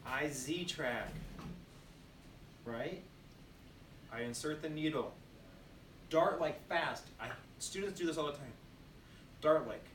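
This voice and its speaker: Emphatic, higher-voiced nursing instructor in an echoey classroom. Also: male voice, takes it slowly, long pauses, a bit bright, slight background noise. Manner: emphatic, repetitive drilling, asks the class questions. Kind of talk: classroom demonstration lecture. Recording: echoey room, mic at a distance.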